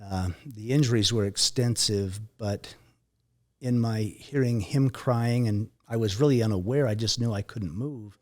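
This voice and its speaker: Halting, soft-spoken man telling a painful story. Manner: halting, repeats words, voice drops low and soft at painful moments. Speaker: guest recounting a near-death experience. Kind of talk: emotional personal storytelling.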